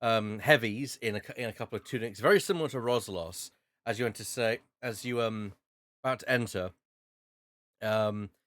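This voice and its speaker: A man's voice: fairly low pitch, moderate pace, fairly bright tone, no room sound. A man narrating as game master, rambling and restarting often. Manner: rambling, with many fillers and restarts.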